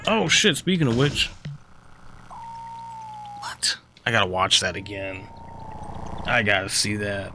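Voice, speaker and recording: A man's voice: lowish voice, unhurried, long pauses, pushed and bright, a little hiss or hum. Grumbling, profane male game streamer. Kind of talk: casual live gameplay commentary.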